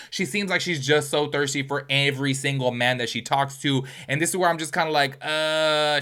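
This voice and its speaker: A man hosting a gossip commentary video, chatty and animated as he gives his opinions. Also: mid-range voice. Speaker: commentary channel host.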